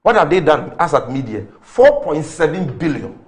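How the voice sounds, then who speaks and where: A man's voice: a little high, big pitch swings, normal speed. A man with a Ghanaian English accent arguing politics on a talk show, firing off rhetorical questions and figures. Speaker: political commentator.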